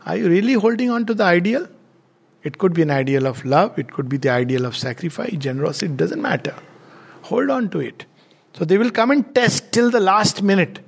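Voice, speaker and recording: Spiritual teacher: man, voice on the higher side, earnest, teaching through anecdotes. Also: lively intonation, a little fast, gravelly, breathy edge. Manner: earnest, with laughs and spoken lists of virtues.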